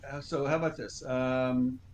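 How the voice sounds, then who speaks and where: A man's voice: mid-range voice, a little slow, a little hiss or hum. Easygoing man running a game. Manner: relaxed, with many fillers. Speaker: game master.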